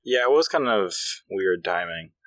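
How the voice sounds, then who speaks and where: A man with a very low voice and a bright, forceful edge throws quick quips into a casual podcast chat. The sound is dry and close. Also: lively intonation, dry recording. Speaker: podcast co-host.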